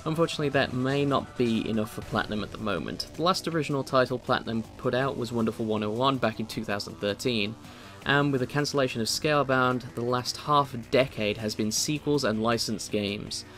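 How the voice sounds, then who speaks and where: Male reviewer for a voice-over, mid-pitched, dry quips in a scripted read, faint music underneath. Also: brisk, a bit bright. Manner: wry, opinionated asides. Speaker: video game reviewer.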